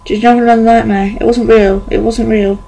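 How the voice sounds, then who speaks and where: A woman voicing a brooding young male vampire, tender and worried, in a flat hushed way. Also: fairly high pitch, a little fast, vocal fry, slight background noise, low-quality recording.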